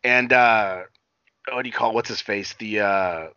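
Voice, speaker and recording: A man's voice: on the low side, a little slow, sharp tone, clean tone, no echo. A man co-hosting a casual wrestling recap podcast, rambling and swearing, full of fillers and restarts. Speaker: podcast co-host. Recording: dull lo-fi sound.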